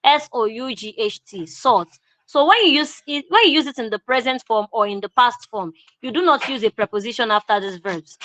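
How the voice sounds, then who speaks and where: A woman with a Nigerian English accent teaching an online grammar lesson, repeating key phrases slowly for emphasis. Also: fairly high pitch, fairly bright tone, no echo, poor audio.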